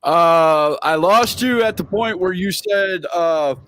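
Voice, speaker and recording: High-voiced friendly male interviewer. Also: slow, fairly bright tone, no echo. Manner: friendly, laughs easily, stumbles and repeats words. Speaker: podcast interviewer. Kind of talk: casual interview chat.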